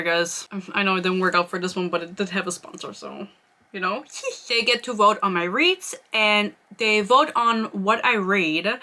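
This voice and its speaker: A woman's voice: medium pitch, sharp tone. A young woman giving a rambling, sarcastic book review in a casual vlog, swearing freely.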